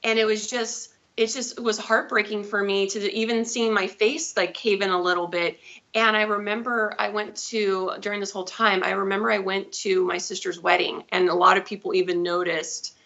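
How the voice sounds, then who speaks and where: A woman's voice: mid-range voice, little pitch movement, normal speed, pushed and bright. A woman in her thirties, a guest telling her own story in a live interview, chatty and rambling with self-corrections. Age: 30s. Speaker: guest, diabetes advocate. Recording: dull lo-fi audio.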